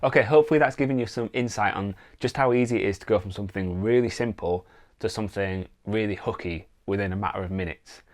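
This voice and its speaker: A man teaching songwriting in a relaxed, casual way, thinking aloud and demonstrating on guitar. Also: lowish voice, quick pace. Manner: relaxed, thinks aloud with fillers, sings wordless vocal lines. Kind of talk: casual instructional talk with guitar demos. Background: acoustic guitar playing.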